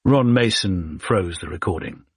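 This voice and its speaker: A man narrating a thriller audiobook in a steady, even storytelling manner. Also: low-pitched, unhurried, slightly rough, no room sound, clean studio sound. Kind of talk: scripted narration.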